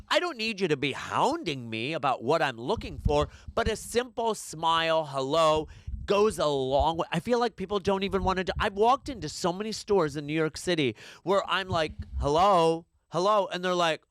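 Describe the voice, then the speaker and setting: A man's voice: sits high, a bit bright, no room sound. A man co-hosting a podcast, ranting in a casual, exasperated way and swearing now and then. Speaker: podcast co-host. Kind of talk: casual rant. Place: New York City.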